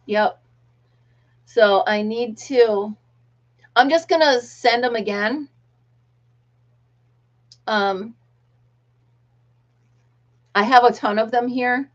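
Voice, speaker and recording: Middle-aged American woman, livestream host, chatty and laughing, slightly high voice. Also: takes it slowly, long pauses. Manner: chatty, reads viewer comments aloud, laughs often. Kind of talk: casual live chat. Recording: dull lo-fi livestream audio.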